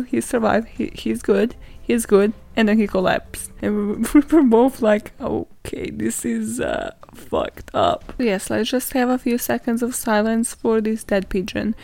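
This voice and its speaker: A young woman hosting a podcast, telling stories in a casual, sweary, animated way and laughing often. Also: a little high. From not British, lives in London. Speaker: podcast host. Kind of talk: casual chatty storytelling.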